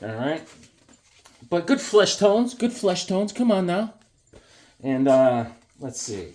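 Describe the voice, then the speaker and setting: A man casually showing his drawings and comics to viewers, animated and jumping into quick silly voices. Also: high-pitched. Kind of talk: casual chat to camera.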